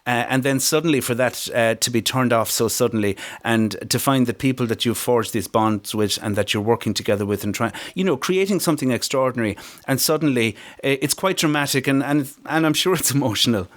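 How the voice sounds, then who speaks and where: A man hosting a podcast interview, speaking in a sympathetic, measured way with "uh" fillers. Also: medium pitch. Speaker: podcast host.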